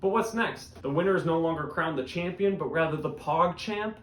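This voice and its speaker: Deadpan young man hosting comedy news. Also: sits high, brisk. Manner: deadpan comedic delivery with sudden loud bursts. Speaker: host of a disc golf news show. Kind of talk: comedic news-style monologue. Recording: echoey room with faint background noise.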